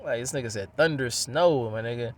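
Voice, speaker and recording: A man, ranting in a profane, rambling, animated monologue. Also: medium pitch, a little fast.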